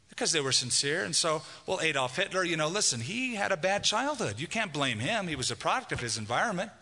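A man's voice: on the high side, sing-song, fast talker, hardly any pauses, bright, forceful tone, big-room sound. A man preaching a sermon as pastor, emphatic and reading a passage aloud.

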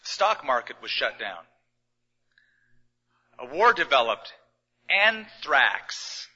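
A middle-aged man gives a conversational, gently humorous sermon in a big church auditorium. His voice is very bright and forward. The recording is dull and lo-fi, with a long reverb tail from the hall. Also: mid-range voice, big pitch swings, takes it slowly, breathy edge. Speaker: pastor.

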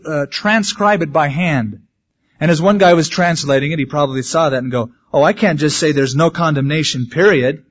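A male pastor preaching a sermon in a conversational way, with humorous asides. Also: fairly high pitch. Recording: dull lo-fi sermon recording.

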